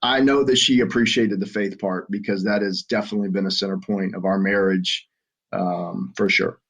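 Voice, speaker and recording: A middle-aged man with a Southern American accent, telling his story as a podcast guest in an earnest, halting way with frequent restarts. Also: sits low, steady tone, vocal fry, fairly bright tone. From Southern United States. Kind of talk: conversational storytelling. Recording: muffled lo-fi audio.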